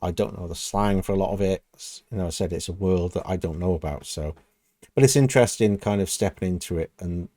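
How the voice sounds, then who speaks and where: Guy doing a music reaction, lowish voice, dry close sound, muses out loud a lot. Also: fairly quick, no echo. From United Kingdom. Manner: musing, thinking aloud with many "kind of" and "you know". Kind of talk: casual reaction commentary.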